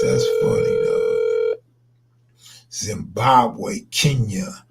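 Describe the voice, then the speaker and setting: A man's voice: fairly high pitch, vocal fry, heavy background noise. A man chatting loosely on a late-night live stream, answering viewers in slangy, laid-back talk that trails into mumbles.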